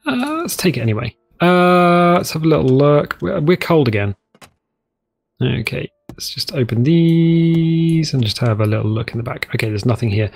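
Animated, chatty male gamer. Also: medium pitch, measured pace. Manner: chatty, jokey, rambling asides. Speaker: let's play host. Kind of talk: casual gameplay commentary.

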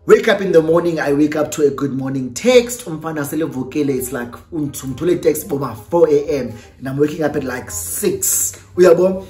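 A young adult YouTuber with a South African accent, telling a story in a lively storytime vlog and switching between English and Xhosa. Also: medium pitch, a little fast, hardly any pauses. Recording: roomy echo with faint music.

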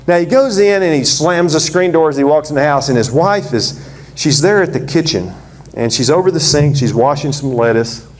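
A man preaching a sermon, telling the story with lively drama and acting out the characters in different voices. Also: on the high side, moderate pace, slight background noise.

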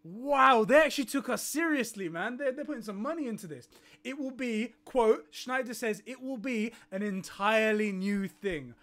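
A man's voice: very high-pitched, moderate pace, a bit bright. A young man streaming live, swearing and laughing in disbelief as he reacts.

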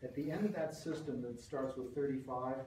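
A man's voice: medium pitch, a little fast, background noise. A man teaching music in a class, explaining step by step. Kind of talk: classroom lecture. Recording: far-off voice in an echoey room.

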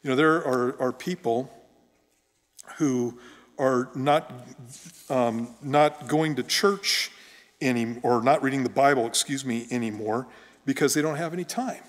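A man's voice: mid-range voice, a little slow. A middle-aged male pastor preaching in a conversational, folksy storytelling way in a church. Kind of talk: conversational sermon. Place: church sanctuary. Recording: long church reverb.

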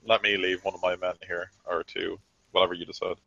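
Guy doing a polite medic officer, formal, deep voice, muffled audio. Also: little pitch movement, fairly quick, gravelly, pushed and bright, no room sound, exaggerated voice. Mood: deferential.

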